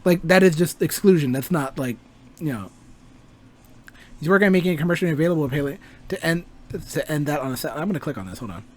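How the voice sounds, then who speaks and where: A man's voice: a little high, lively intonation, fast, a little hiss or hum. A young man and game designer ranting casually about video games, rambling, swearing freely and laughing often. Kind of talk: casual gaming rant.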